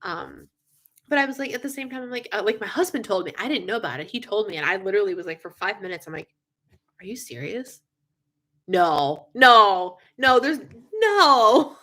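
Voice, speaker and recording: Bright-voiced chatty woman livestreaming. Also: medium pitch, fast talker. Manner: chatty, animated, yawning often, many fillers. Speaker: livestream host. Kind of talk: casual live chat with viewers.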